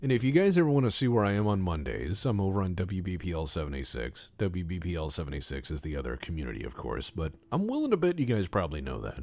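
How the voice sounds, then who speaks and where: A man's voice: low-pitched, very animated, quick pace, creaky, few pauses, a little mellow. A man streaming a naval strategy game, giving playful, rambling commentary with jokey asides to his chat. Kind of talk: casual live-stream commentary.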